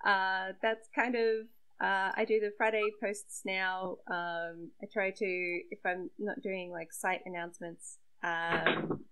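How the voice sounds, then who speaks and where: On a relaxed podcast about webcomic-making, a young woman who creates webcomics and frequents the site talks with lots of fillers, laughter and self-deprecation. Her voice sits on the low side with a fairly bright tone, and the recording is low quality.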